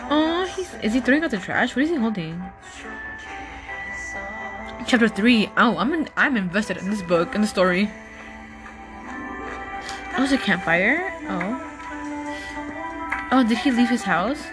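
A young woman hosting a casual podcast, reacting excitedly to a video with frequent exclamations and fillers. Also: mid-range voice, a little slow, long pauses, music in the background. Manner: gushing, exclamatory, many fillers. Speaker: podcast host.

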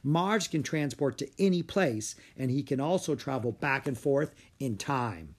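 A man's voice: mid-range voice, lively intonation, a little slow, slightly rough. A man reading aloud and voicing a polite young dragon master boy who explains things patiently. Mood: explaining.

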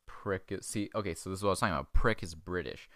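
A man's voice: deep voice, fast talker, fairly bright tone, no echo, clean studio sound. A man hosting a comedy podcast, rambling crudely in casual chat and chuckling as he goes. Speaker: podcast host.

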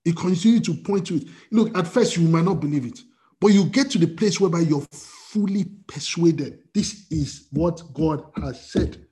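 A man's voice: fairly high pitch, normal speed, mellow. A man preaching as pastor, emphatic and repetitive, with many restarts and fillers. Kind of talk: sermon.

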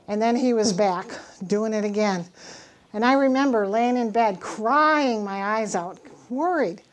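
In an earnest church testimony, a middle-aged woman with a medium-pitched voice teaches from scripture. She shares her own story, acting out the dialogue emphatically.

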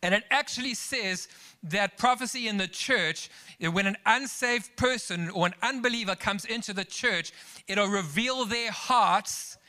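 Bright-voiced preaching man. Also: high voice, a little slow. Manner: emphatic preaching with rising exclamations; storytelling asides to the congregation. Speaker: pastor. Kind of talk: sermon.

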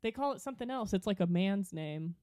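Woman rambling thru a podcast story, giggling a lot, dry close mic, middle pitch. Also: animated, a little fast, warm tone, no room sound. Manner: giggly, rambling storyteller who trails off and restarts. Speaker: podcast co-host. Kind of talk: casual chat.

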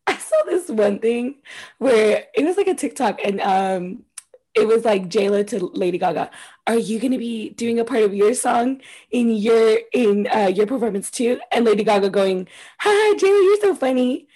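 A woman's voice: mid-range voice, moderate pace, mellow, husky. A young woman co-hosting a podcast in casual chat, chatty and laughing often, swearing freely. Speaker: podcast co-host.

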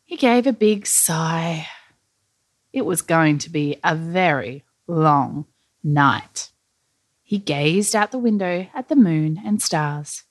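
A woman reading a children's story aloud in a lively, animated storytelling manner. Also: low-pitched, dry recording, studio quality. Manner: lively, animated, slow-paced narration.

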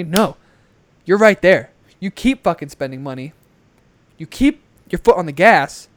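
A man's voice: fairly high pitch, lively intonation, normal speed, dry recording. Profane, ranting young man. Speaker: podcast co-host. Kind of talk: casual podcast chat. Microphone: headset.

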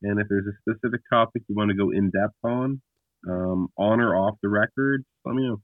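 A man's voice: on the low side, a little fast, dry recording. A man, a podcast guest, talking bluntly and emphatically about scripture in a casual discussion with frequent restarts. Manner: blunt, emphatic storyteller who often restarts. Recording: tinny phone-like line.

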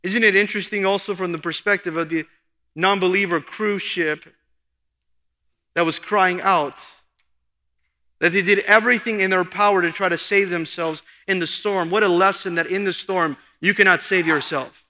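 Male pastor, earnest sermon delivery with emphatic lifts, bright tone, reverberant hall. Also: high voice, steady tone, moderate pace. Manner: earnest preaching, rising for emphasis. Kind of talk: expository sermon.

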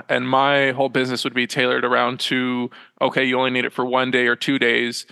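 A young man chatting as a podcast guest from a small room at home, with a bright, forward tone that stays flat and even in pitch. He rambles and halts, piles up fillers and corrects himself mid-sentence. His smooth voice trails a long reverb behind it. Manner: rambling, halting, full of fillers and self-corrections. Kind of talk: casual interview chat.

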